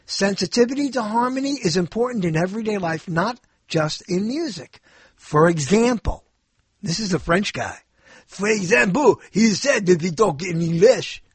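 A man's voice: high voice, slightly rough, no room sound. A male show host talking in a casual, rambling monologue, joking and often stumbling and correcting himself.

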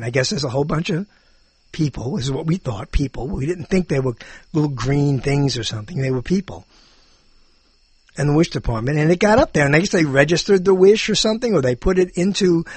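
A man's voice: medium pitch, breathy edge, no room sound. An older man rambling through a meandering, self-interrupting monologue, chuckling as he muses.

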